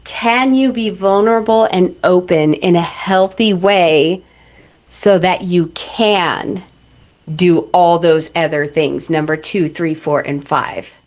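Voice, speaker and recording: Blunt, animated woman relationship coach. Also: on the low side, slow pace. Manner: blunt and animated, acts out quoted voices. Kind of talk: candid podcast conversation.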